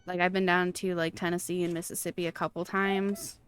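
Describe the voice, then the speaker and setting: A woman's voice: lowish voice, level tone, fairly quick, soft background music. A woman from the Pacific Northwest with a Pacific Northwest American accent, streaming a game from home and chatting casually with viewers in a rambling way, full of fillers and restarts. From Pacific Northwest, USA. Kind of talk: casual chat while gaming, answering chat. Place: home room with a fan.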